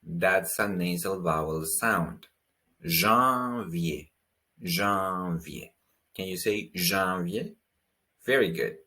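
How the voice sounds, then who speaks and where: Slow, deep-voiced man teaching pronunciation. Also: bright, forceful tone. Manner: slow, patient, repeats each word twice. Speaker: language teacher.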